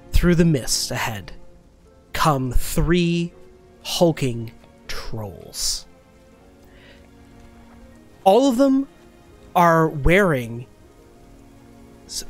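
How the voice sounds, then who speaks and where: A man narrating as game master of a tabletop game, describing scenes with frequent restarts. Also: fairly high pitch.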